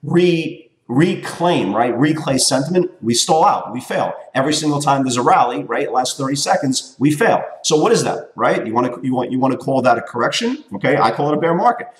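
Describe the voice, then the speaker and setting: A man's voice: medium pitch, lively intonation, fairly quick, hardly any pauses. Emphatic man in his forties, roomy sound. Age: 40s. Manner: emphatic, repeats points, tags lines with "okay?" and "right?". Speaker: trading educator. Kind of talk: weekly market recap talk. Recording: roomy echo.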